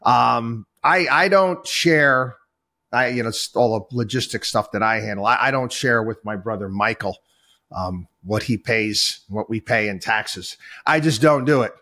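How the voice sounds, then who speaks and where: Middle-aged guy ranting about finance, bright edgy voice, keeps repeating himself for emphasis. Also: medium pitch, measured pace. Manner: exasperated, ranting, emphatic repetition. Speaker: show host. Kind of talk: opinionated solo commentary.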